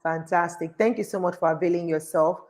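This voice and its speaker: Woman, podcast host, lowish voice, chatty, quick to laugh. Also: darkish tone. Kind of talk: live podcast interview.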